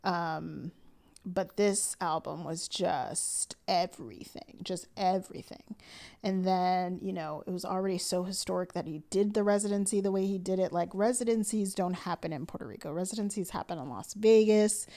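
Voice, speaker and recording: A young woman chatting to camera for her planner vlog, excited and slangy but sleepy, yawning now and then. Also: lowish voice, normal speed. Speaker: planner vlogger. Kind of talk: casual chat to camera.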